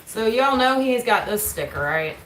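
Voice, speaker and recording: A homestead channel host and mother hosts a casual livestream mail call from her home table, chatting and often interrupting herself to talk to her kids. Her fairly high, animated voice has a fairly bright tone and a normal speed. The table-mounted camera catches slight background noise and a roomy echo from the home.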